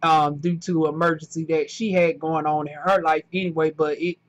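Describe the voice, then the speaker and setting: A woman's voice: low voice, steady tone, moderate pace. A woman vlogger talking casually to camera about her new job, rambling a little with fillers and restarts.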